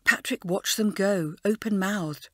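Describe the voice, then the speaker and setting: A woman narrating a children's storybook in an expressive, animated way. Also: medium pitch, a little slow, no room sound, studio quality. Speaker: audiobook narrator.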